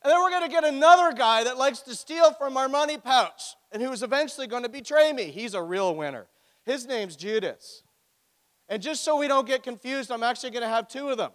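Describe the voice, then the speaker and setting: A man's voice: very high voice, lively intonation, a little fast, a bit bright. A man preaching a sermon as pastor, with a joking, conversational storytelling manner. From Ontario, Canada. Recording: echoey hall.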